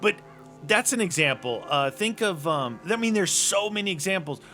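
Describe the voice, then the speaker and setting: A man's voice: sits high, expressive, normal speed, bright, forceful tone, faint music behind. An American man chatting casually as co-host in an easygoing, rambling way. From United States. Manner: easygoing, rambling, chuckles often. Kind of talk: casual chat.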